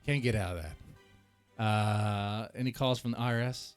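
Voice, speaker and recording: A man's voice: fairly low pitch, measured pace, clear, resonant tone, soft background music. A man hosting a reaction channel, rambling in a casual, joking and self-mocking rant. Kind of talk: casual ranting commentary.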